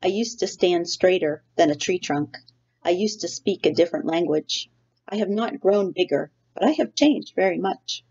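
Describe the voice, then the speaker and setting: A woman voicing a calm, literal robot mother. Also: on the low side, husky. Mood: patient. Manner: formal, measured, no contractions. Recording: dull lo-fi recording.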